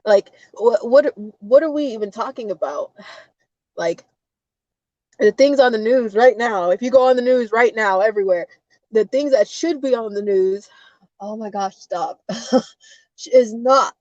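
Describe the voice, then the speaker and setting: A woman who is crying and short of breath, talking in a halting, apologetic way on a live video chat from inside a car. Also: a little high, dark tone, dry recording, muffled recording. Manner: apologetic, halting, breaks into nervous laughs. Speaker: interview guest, survivor sharing her story.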